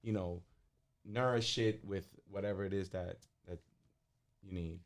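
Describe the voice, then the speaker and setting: A man hosting a podcast, putting listener questions to his guest in a relaxed, conversational way. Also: low-pitched, measured pace. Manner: backchannels a lot, reads out listener questions. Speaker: podcast host. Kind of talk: casual interview.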